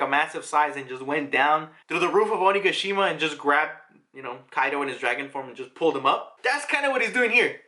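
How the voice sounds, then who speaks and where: A chatty man runs through a manga chapter, excitable and quick to laugh. His voice sits high and bright, with a sharp, forceful edge. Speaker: manga reviewer. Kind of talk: casual chapter review.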